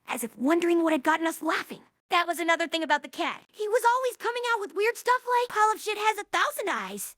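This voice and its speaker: Guy doing a high tomboyish cartoon pony girl reading a book, husky casual drawl, super dry recording. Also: sharp tone, no echo, full character voice. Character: young female cartoon pony, brash tomboy. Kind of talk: character voice reading a novel aloud.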